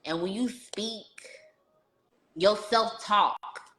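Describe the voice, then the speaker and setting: A woman hosting a casual podcast interview, telling stories in an animated, slangy way and talking to listeners as "y'all". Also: mid-range voice, extremely slow, reverberant. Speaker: podcast host.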